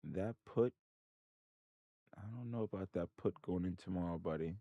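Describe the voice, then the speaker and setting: A man's voice: low-pitched, moderate pace, no room sound, narrow, tinny audio. A man hosting a trading channel, thinking aloud over his charts and muttering in frustration at his computer. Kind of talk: casual screen-share commentary.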